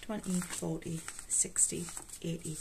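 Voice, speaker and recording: A woman's voice: fairly low pitch, steady tone, a little slow. A woman with a Geordie accent, chatting casually and talking to herself while she counts out cash for her budget. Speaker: budgeting vlogger. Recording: clear background noise with rustling notes.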